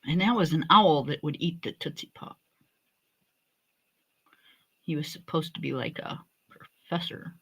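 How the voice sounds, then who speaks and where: A woman hosting a livestream, chatting in a relaxed way and reminiscing. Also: low-pitched, unhurried, pauses often, husky. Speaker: livestream host. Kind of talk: casual chat.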